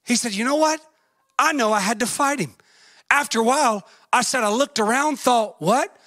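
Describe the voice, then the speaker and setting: A man preaching a fervent sermon, swinging between shouts and a singsong cadence and acting out the voices in his stories. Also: very high-pitched, normal speed, no room sound. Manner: acts out story voices, folksy grammar.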